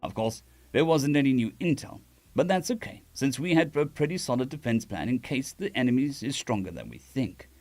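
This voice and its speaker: A man's voice: mid-range voice, animated, brisk, darkish tone. A man reading a story aloud on a live stream, with casual restarts and asides to chat.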